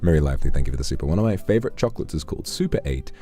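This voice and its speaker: A man's voice: a bass voice, animated, racing, warm tone, faint music behind. A man streaming live, reading out viewer donations and chatting with them in a playful, teasing, affectionate way. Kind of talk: casual livestream chat.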